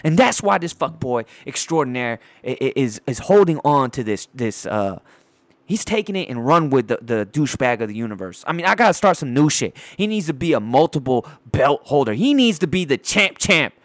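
A man hosting a podcast, ranting about sports in a loud, crude, rambling way and mocking the players he talks about. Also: mid-range voice, big pitch swings, normal speed, no room sound. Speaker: podcast host. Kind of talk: profane sports rant.

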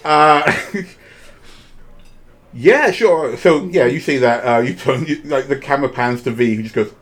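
A male game master narrating a tabletop game in a relaxed, chatty way. He scatters fillers through his sentences and laughs often, his voice sitting at a middling pitch. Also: unhurried.

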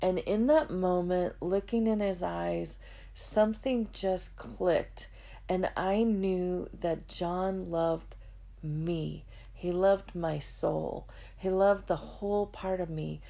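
A woman's voice: lowish voice, slow, vocal fry, mellow. Earnest woman telling her testimony. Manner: earnest, heartfelt storytelling; acts out quoted dialogue in her story. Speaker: podcast host. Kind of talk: personal testimony storytelling.

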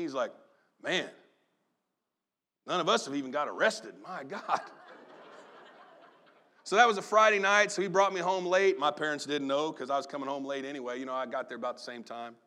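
A man preaching with a high, bright voice. He tells a story from his youth in a lively way, acting out the people in it. His delivery is animated and conversational. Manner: storytelling, animated, acts out family members. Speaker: pastor. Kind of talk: sermon with personal story.

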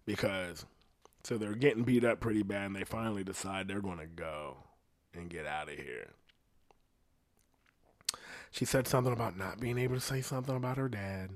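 A man telling a story in a casual, rambling monologue, swearing bluntly and getting loud and high when outraged. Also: normal speed, long pauses, no echo.

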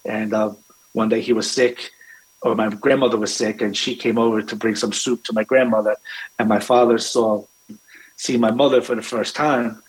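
A man's voice: fairly low pitch, little pitch movement, moderate pace, rough recording. A man, a restaurant owner, telling family stories in a rambling way, with many fillers and restarts. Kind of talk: conversational storytelling.

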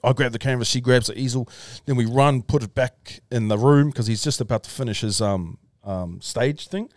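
A man's voice: medium pitch, moderate pace, darkish tone, no room sound, studio quality. Casual swearing man telling a story. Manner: loose, swearing, says "bro", talks in restarts. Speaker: podcast guest, artist.

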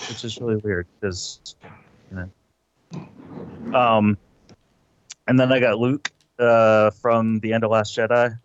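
A man's voice: lowish voice, fairly even intonation, slow pace, long pauses, muffled recording, slight background noise. A man co-hosting a casual podcast chat, joking dryly and stalling with fillers. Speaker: podcast co-host.

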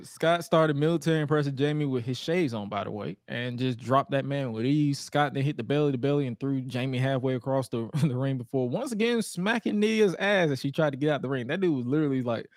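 A man's voice: mid-range voice, a little fast, few pauses, dry recording, studio quality. A man co-hosting a podcast, recapping old wrestling shows in a casual chat and acting out the wrestlers' lines in silly voices. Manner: animated storytelling, acts out wrestlers' lines in goofy voices. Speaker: podcast co-host.

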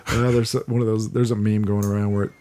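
A man's voice: on the low side, flat delivery, fast, dark tone. A man co-hosting a casual chat, crude and joking, often trailing off mid-sentence. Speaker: podcast co-host.

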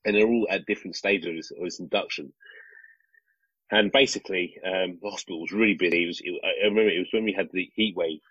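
A man, a father and podcast co-host, telling a story in a casual, animated and rambling way with many restarts. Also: sits low, quick pace, breathy edge, no room sound. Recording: slightly dull lo-fi recording.

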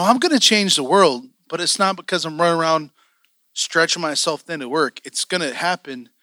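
A man preaching with fervent, story-driven passion, his voice somewhat high and strikingly bright. The sound is close and dry, with no room around it. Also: no echo. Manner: passionate, storytelling, often acting out his own excitement. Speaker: church elder preaching. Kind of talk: sermon.

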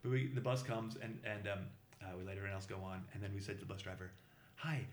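A middle-aged man from the Boston area spins a rambling travel story, full of fillers and restarts. He talks fast in an echoey room. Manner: halting, many fillers and restarts, acts out voices with big pitch jumps. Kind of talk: casual anecdote telling. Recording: roomy echo.

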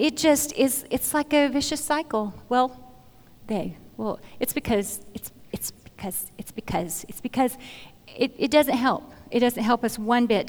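A middle-aged woman speaks to a church gathering in an earnest, conversational way, often restarting phrases as she works toward her point. Her voice sits slightly high. The sound carries the long reverb of a large hall. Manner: earnest, conversational, repeats phrases while finding words. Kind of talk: sermon-style Bible teaching.

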